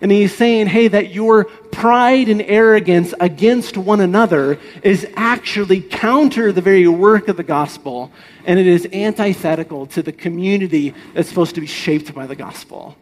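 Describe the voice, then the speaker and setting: Earnest high-voiced male preacher. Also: moderate pace, low-quality recording. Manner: earnest, explanatory preaching with rhetorical questions. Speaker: pastor. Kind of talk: sermon.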